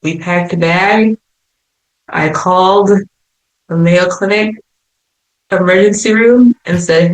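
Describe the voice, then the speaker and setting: A young woman talks as a podcast guest, telling her own story in a casual, animated way and laughing lightly between lines. Her voice sits a little low for a woman. The recording has a roomy echo around it. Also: slow pace, long pauses. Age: young adult.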